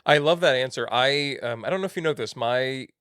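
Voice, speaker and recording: A man's voice: mid-range voice, brisk, fairly bright tone, smooth, no echo, studio quality. A man in his late thirties hosting a podcast, interviewing a guest in a playful, enthusiastic way. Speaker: podcast host.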